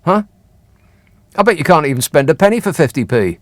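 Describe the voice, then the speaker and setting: Speaking fairly quickly with big pitch swings, this man has a slightly high voice captured in a dry recording. He hosts a late-night radio phone-in from a studio microphone, chatting in a sarcastic, teasing, deadpan way.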